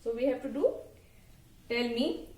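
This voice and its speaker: A woman's voice: fairly high pitch, big pitch swings, measured pace, heavy background noise. A woman teacher giving a lesson, who spells words out letter by letter and imitates the animal sounds. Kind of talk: online class lesson.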